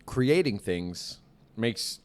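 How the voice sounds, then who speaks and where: Young man, comedy podcast co-host, casual, rambling, lowish voice. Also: lively intonation, very slow, clear, resonant tone. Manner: rambling, heavy use of "like".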